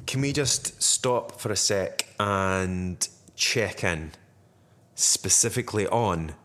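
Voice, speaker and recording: A man's voice: low voice, lively intonation, slow pace, a bit bright. A Scottish man hosting a podcast in casual chat, frank and given to swearing and restarts. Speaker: podcast host.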